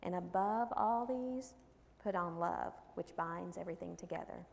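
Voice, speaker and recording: A woman's voice: fairly low pitch, moderate pace, creaky, a little mellow, a little hiss or hum. A woman giving a devotional talk, telling folksy stories and reading scripture. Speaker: women's Bible study speaker. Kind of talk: sermon. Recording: long hall reverb.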